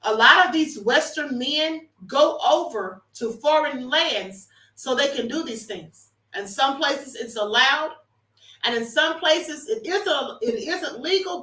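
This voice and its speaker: A woman's voice: high-pitched, pushed and bright, distant mic. A woman hosting a casual livestream, commenting emphatically and calling her viewers honey. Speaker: livestream host. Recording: roomy echo, off-mic.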